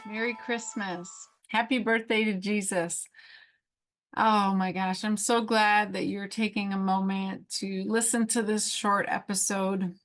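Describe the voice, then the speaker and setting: Slow, emotional woman host with faint music. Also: mid-range voice, fairly even intonation, a bit bright. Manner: emotional, slow and heartfelt with bursts of speed. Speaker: podcast host, physician. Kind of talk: personal devotional talk.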